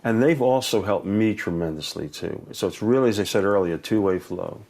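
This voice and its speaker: An older man from Brooklyn, an educator and author, telling warm anecdotes in an interview, laughing often and acting out voices. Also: lowish voice, a little fast. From Brooklyn, New York. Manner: animated, laughs often, acts out voices in stories.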